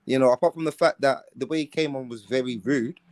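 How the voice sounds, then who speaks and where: A man's voice: mid-range voice, fast talker, darkish tone, no room sound. A man, rambling through a panel discussion in casual slang and stacking up fillers as he goes. The recording is dry and close.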